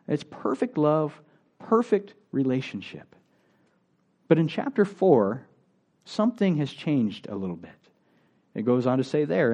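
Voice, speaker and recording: Male pastor, conversational sermon, mellow tone, slightly lo-fi recording. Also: mid-range voice, sing-song, measured pace, long pauses. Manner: conversational, asks the congregation rhetorical questions.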